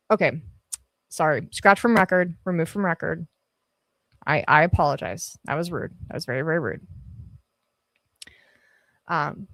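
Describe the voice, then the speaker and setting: A woman's voice: on the low side, dry recording. A woman hosting a livestream, chatting casually with her viewers, swearing freely and laughing often, speaking into a podcast mic on an arm at her home setup. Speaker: livestream host. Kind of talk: casual livestream chat reading comments. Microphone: podcast dynamic mic on an arm.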